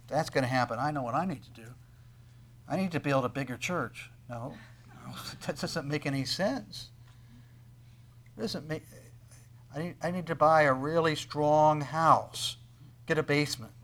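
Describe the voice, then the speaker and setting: A middle-aged male pastor preaching a sermon, building to loud, soaring emphasis on scripture readings and then dropping back to a quiet, personal tone. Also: on the high side, measured pace, pauses often.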